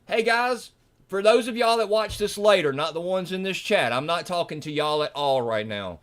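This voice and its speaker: A man from Mississippi with a Southern accent, hosting a livestream and ranting in a fiery, preachy way, often breaking into shouts. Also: high-pitched, animated, normal speed. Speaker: livestream host.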